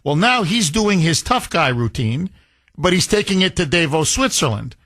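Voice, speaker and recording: A man's voice: on the high side, sing-song, fairly bright tone, no room sound. A man hosting a political talk radio show, delivering combative, sarcastic commentary straight into a studio mic. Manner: combative, sarcastic, rapid-fire.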